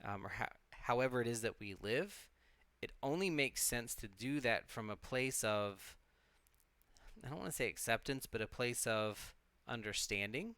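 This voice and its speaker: Guy rambling on a home stream, bright clear voice, swears a lot, lots of ums. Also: medium pitch, lively intonation, normal speed, dry recording. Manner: loose and reflective, swears freely, many fillers and restarts. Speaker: co-host of a live witchcraft stream. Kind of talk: casual rambling talk.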